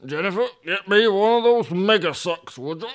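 A man's voice: high-pitched, expressive, moderate pace, fairly bright tone, voice pushed up. A man voicing a lazy, contented slob stuck in a sofa, drawling.

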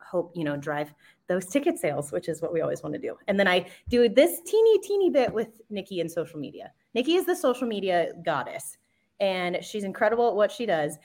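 Animated woman guest, bubbly and quick to laugh, on a video call. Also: mid-range voice. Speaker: guest, media relations manager. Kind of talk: casual podcast chat.

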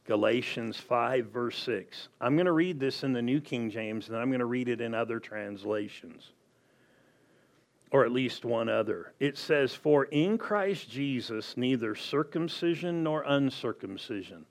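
A man's voice: medium pitch, a little slow. A man preaching a sermon as pastor, reading scripture aloud and putting rhetorical questions to his congregation.

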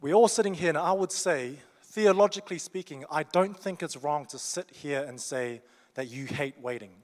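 A young man with a New Zealand accent is preaching to his congregation, mixing jokes into the sermon in a relaxed, conversational way. His voice sits a bit high for a man. The long reverb of a large hall trails after every line. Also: moderate pace. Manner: joking, conversational and down-to-earth.

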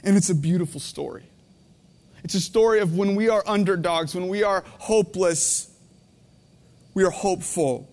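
A man in his thirties preaching a heartfelt sermon, tearful, his voice swinging between hushed and intense. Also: high-pitched, moderate pace, pauses often, big-room sound. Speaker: pastor. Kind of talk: emotional sermon.

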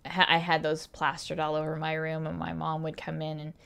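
Low-voiced woman telling stories. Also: a little fast, gravelly, smooth. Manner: animated storyteller, mimics others with sudden loud outbursts. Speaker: podcast co-host. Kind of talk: casual chat.

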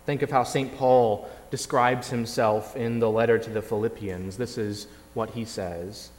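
Man, preacher, measured reflective sermon delivery, mid-pitched voice, long echoing church reverb. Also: fairly even intonation, darkish tone. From Indiana, USA. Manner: measured, reflective preaching with occasional "uh" fillers and repeated words. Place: church sanctuary.

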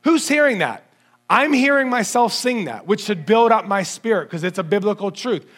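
A man preaching a sermon to a congregation, animated and asking his listeners rhetorical questions as he swings between low and high pitch. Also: moderate pace. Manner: audience-addressing with rhetorical questions.

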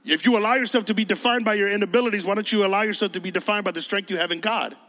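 A man's voice: sits high, fairly even intonation, racing, pushed and bright, in a large hall. A man preaching to his youth group in a casual, joking way, often mimicking teenagers' voices. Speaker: youth pastor. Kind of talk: sermon.

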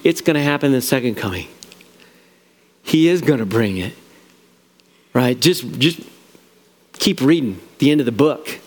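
A middle-aged man preaching a sermon in a conversational, animated way, acting out the quotes he tells. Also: mid-range voice, gravelly, big-room sound. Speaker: pastor.

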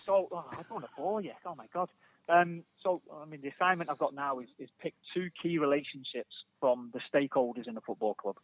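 A man's voice: on the high side, brisk. A man calling in as a guest, chatting casually and self-deprecatingly about his studies. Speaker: phone guest, former footballer. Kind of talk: casual chat. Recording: dry phone line.

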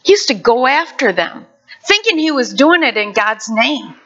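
A woman's voice: on the high side, very animated, normal speed, fairly bright tone, dull audio. A woman pastor preaching a fervent sermon, moving from prayer to acting out voices.

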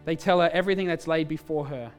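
A man, a pastor, preaching a sermon in an animated storytelling way with quick asides. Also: on the high side, soft background music.

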